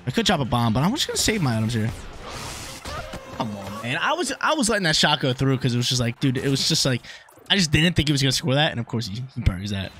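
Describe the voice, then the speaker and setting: A young man giving live commentary over his own online soccer game, excitable and swinging between hype and frustration. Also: mid-range voice, very fast, soft background music. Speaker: gaming YouTuber.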